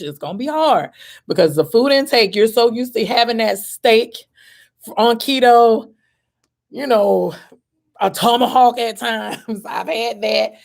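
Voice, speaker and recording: Woman, 40s, vlogger. Casual and candid, talks to herself with "girl" and "baby.". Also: a little high. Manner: chatty and candid, laughs easily, pauses with ums; gives herself a pep talk with "girl" and "baby". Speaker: vlogger answering questions. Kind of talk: casual chat.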